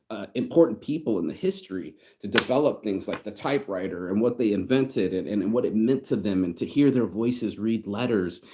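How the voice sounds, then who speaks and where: Lowish-voiced guy rambling and swearing, getting choked up, heartfelt vlog talk. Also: darkish tone. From United States. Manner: rambling, profane, emotional, heartfelt. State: tearing up. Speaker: vlogger. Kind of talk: casual reflective monologue.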